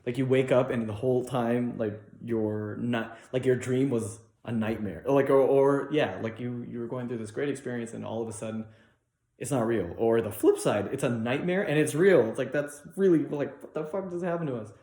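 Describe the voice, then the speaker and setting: A young man performs loose, unrehearsed stand-up, rambling with constant fillers and restarts. He jumps into high, mocking voices to act out the people in his stories. His voice has an ordinary middle pitch and carries the echo of a roomy space. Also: moderate pace, warm tone. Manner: rambling storytelling with many likes and restarts; acts out other people in raised mock voices. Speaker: stand-up comedian.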